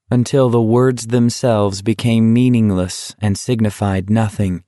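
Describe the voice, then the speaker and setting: A man reading an audiobook in steady, measured scripted narration. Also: lowish voice, no echo, clean studio sound.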